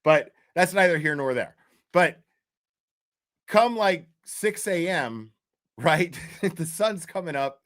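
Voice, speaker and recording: A man in his fifties spins a rambling, swear-heavy story, pitched a touch high for a man. He checks in with his listener every few lines and talks in loose, casual bursts. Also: expressive, takes it slowly, pauses often, fairly bright tone. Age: 50s. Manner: profane, rambling, keeps checking in with "right?".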